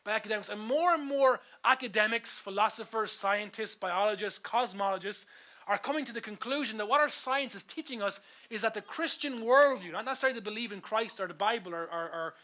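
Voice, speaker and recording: A man from Ireland delivers a sermon with a high, bright voice. He is earnest and talks straight to the congregation, putting rhetorical questions to them. He often stumbles and repeats words as he builds his point. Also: brisk. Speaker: pastor. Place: church auditorium.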